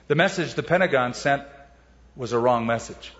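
A man preaching a sermon, animated, acting out the voices he quotes. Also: mid-range voice, normal speed, big-room sound, dull audio. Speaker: pastor.

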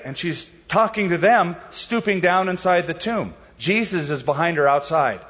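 A male preacher with a slightly high-pitched voice, delivering a sermon in a relaxed, explanatory manner full of rhetorical questions. The recording is dull and muffled. His words ring out with a long hall echo. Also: moderate pace, hardly any pauses. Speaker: pastor.

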